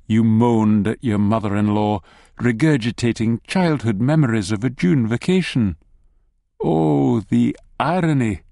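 A man's voice: mid-range voice, expressive, normal speed, mellow, no room sound. A man narrating an audiobook in the second person with a wry, dry humour.

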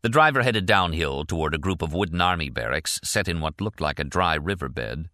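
A man narrating an audiobook in a steady, deliberate reading voice. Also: low voice, no room sound, clean studio sound. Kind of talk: scripted narration.

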